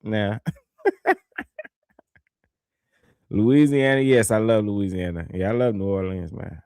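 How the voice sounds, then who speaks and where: A man's voice: on the low side, slow, dark tone, clean tone, no echo, clean studio sound. A man hosting a livestream, telling a story in a laid-back, rambling way and reading viewer comments aloud. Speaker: livestream host. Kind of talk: casual livestream chat.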